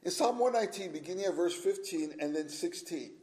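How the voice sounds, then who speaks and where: A pastor preaching an earnest sermon, stressing each point with repeated phrases and slowing down to read scripture aloud. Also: male voice, high-pitched, lively intonation, a little mellow, poor audio.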